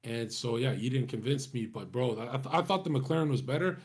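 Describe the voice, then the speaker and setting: A man's voice: medium pitch, lively intonation, brisk, darkish tone, husky. A man talking casually to his stream chat, rambling and swearing, with many restarts.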